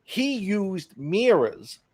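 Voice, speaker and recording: Middle-aged male podcast co-host, fairly high voice, lively storyteller. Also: very slow. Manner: animated anecdote-teller, acts out quotes. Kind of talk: casual storytelling chat.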